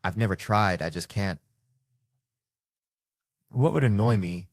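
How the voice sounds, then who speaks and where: A man's voice: on the low side, a little slow, dry recording, clean studio sound. A man telling profane, rambling comic stories in a casual podcast chat. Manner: profane, rambling, animated anecdotes. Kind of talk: casual comedic storytelling.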